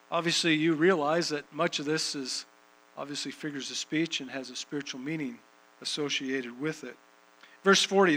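A man's voice: on the high side, pushed and bright, poor audio. A man preaching a sermon and reading scripture, emphatic, repeating phrases for rhythm.

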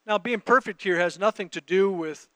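A man's voice: high voice, normal speed, fairly bright tone, dry recording. A man preaching a conversational sermon, reading scripture and talking directly to his audience. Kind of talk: sermon teaching.

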